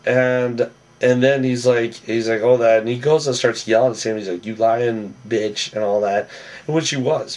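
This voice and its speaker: A man giving a casual, rambling episode recap, often tacking on "on that" and acting out quoted lines in a higher, louder voice. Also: distant mic. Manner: rambling, with a habit of "on that". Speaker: reality TV recap vlogger.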